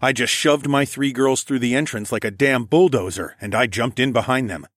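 A man narrating a first-person audiobook in a steady, measured way. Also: medium pitch, no echo, clean studio sound.

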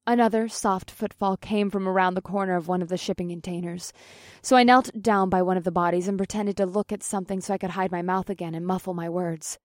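A woman's voice: medium pitch, steady tone, fast, no echo, studio quality. A woman reading an audiobook in the first person. She is plain-spoken and swears casually. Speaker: audiobook narrator.

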